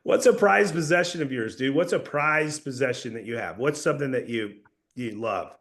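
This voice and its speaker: A man coaching a sales team in a casual, energetic way, often calling people "dude" or "bro". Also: medium pitch, normal speed. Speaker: sales trainer.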